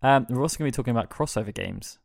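A man co-hosting a gaming podcast in casual, jokey chat, reading announcements briskly. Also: medium pitch, expressive, gravelly, dry recording, studio quality. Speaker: podcast co-host.

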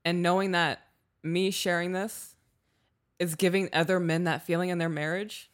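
A woman in her thirties talks with a low voice in a casual podcast chat. She is heartfelt and openly emotional, close to tears, and swears freely as she speaks. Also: fairly even intonation, normal speed. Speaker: podcast co-host.

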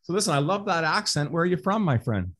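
A man's voice: fairly high pitch, sing-song, fast, a bit bright. A Canadian man hosting a podcast, speaking in a motivational way to his listeners. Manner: motivational, addresses listeners as brothers. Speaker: podcast host. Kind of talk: podcast intro and interview.

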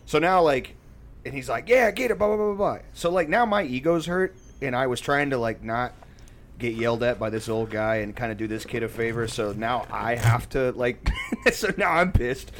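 A man's voice: medium pitch, normal speed, a bit bright, slight background noise. A man telling a casual, rambling story full of filler words and profanity.

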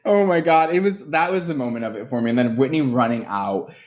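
A man's voice: medium pitch, brisk. A man co-hosting a casual podcast chat, laughing often and mimicking the people he talks about. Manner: animated, laughing, mimics reality stars in quotes. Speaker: podcast co-host.

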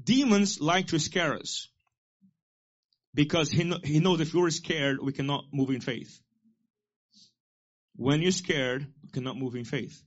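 A man's voice: fairly high pitch, steady tone, unhurried, pauses often, highs cut off. A man preaching a sermon as pastor, exhorting his listeners and repeating key lines for them to say back.

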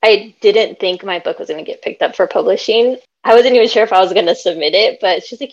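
A woman's voice: mid-range voice, a little fast, few pauses, lo-fi sound. A young woman author talking earnestly about her writing in a casual interview, with many "like" fillers. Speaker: author guest.

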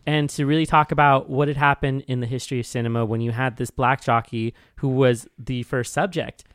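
Man explaining a film, smooth dry voice. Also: medium pitch, fairly even intonation, a little fast, no room sound. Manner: explanatory, hesitant with restarts and fillers. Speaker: podcast co-host. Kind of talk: casual film discussion.

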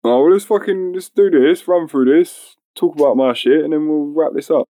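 A man's voice: on the high side, moderate pace, warm tone. A talkative man co-hosting a casual podcast, fidgety, swearing and laughing a lot. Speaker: podcast co-host. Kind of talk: casual chat. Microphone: desk mic, sometimes moving away.

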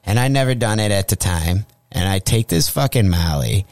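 A man's voice: low voice, normal speed, no room sound. A male comedian telling a profane comic story as a guest, acting out the voices he quotes. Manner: animated, acts out quoted voices. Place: radio studio.

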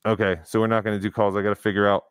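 Low-voiced man rambling casually. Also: flat delivery, racing, clear, resonant tone, no echo. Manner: rambling, with many fillers and restarts. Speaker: podcast co-host. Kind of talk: casual chat.

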